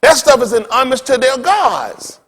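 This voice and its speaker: A man's voice: extremely high pitch, big pitch swings, moderate pace, fairly bright tone. A male pastor preaching a blunt, profane sermon, telling stories with laughter. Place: synagogue hall. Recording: long hall reverb.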